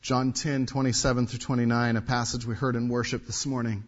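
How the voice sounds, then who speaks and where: A man preaching a sermon as pastor, reading scripture aloud and repeating key phrases, swinging from quiet to loud. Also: medium pitch, flat delivery, brisk. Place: church sanctuary. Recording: long reverb, dull lo-fi sound.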